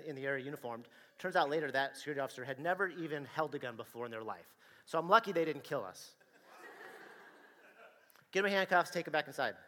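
A man telling a personal story to an audience in a dramatic, animated way, acting out the dialogue and the action. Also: fairly high pitch, long reverb tail.

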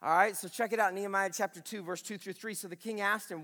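A man preaching a sermon as pastor, animated and emphatic, repeating his phrases and swinging from loud exclaiming to hushed intensity. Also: sits high, quick pace, hardly any pauses, long reverb tail.

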